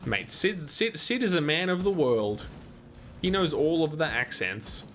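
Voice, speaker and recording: A man's voice: on the high side, big pitch swings, unhurried, fairly bright tone. An Australian man hosting a live gaming stream, chatting casually and answering viewers' comments between moments of play. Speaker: livestream host.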